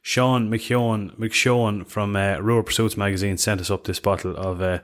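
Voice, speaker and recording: An Irish man with a fairly low voice hosts a casual podcast chat from a home studio. He banters easily, swears freely and laughs a lot. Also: fairly even intonation, normal speed, slight background noise. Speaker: podcast host.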